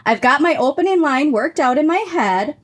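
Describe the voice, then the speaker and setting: Lively high-voiced woman reading a story. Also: moderate pace. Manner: laughing, animated storytelling. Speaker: podcast co-host reading a listener story. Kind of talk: casual chat.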